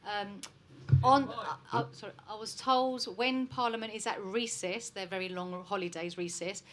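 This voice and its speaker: A woman in the audience asking a question hesitantly, pausing with fillers. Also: mid-range voice, fairly even intonation, fairly bright tone.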